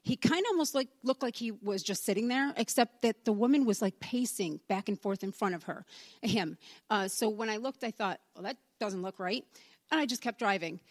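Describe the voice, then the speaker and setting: A woman shares a testimony in church and tells it like a story, with an even middle pitch. She talks in a casual, conversational way and voices each person's lines. The sound is dry and close, with little room echo. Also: normal speed. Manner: conversational storytelling, acts out the dialogue. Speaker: church member giving a testimony.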